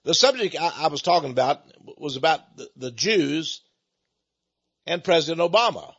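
A man's voice: a little high, sing-song, normal speed, fairly bright tone, husky, muffled recording. A man giving a preaching-style lecture, with dramatic emphasis and frequent stammered restarts. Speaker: speaker.

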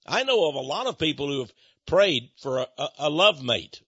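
A man's voice: a little high, big pitch swings, moderate pace, fairly bright tone, breathy edge, dry recording, muffled recording. A man preaching a televangelist sermon in a folksy, emphatic way, repeating his key lines and appealing for donations.

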